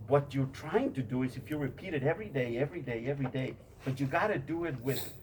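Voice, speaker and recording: A man's voice: medium pitch, expressive, fast, a little mellow, a little hiss or hum, low-quality recording. A man giving a repetitive motivational talk to a group, often stammering as he restarts his sentences. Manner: repetitive, addresses listeners as "you guys". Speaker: motivational speaker.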